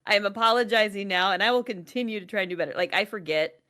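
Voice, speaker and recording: A woman in her thirties co-hosting a casual podcast, telling lively stories with frequent laughter and casual swearing. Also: medium pitch, quick pace. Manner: animated storytelling, laughs often, swears casually. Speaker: podcast co-host. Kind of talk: casual chat.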